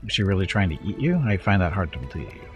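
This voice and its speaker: A blunt, skeptical adventurer questions a demon flatly, reading in a deep, dry voice, as a man plays him. Faint music runs underneath. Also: fast talker, highs cut off.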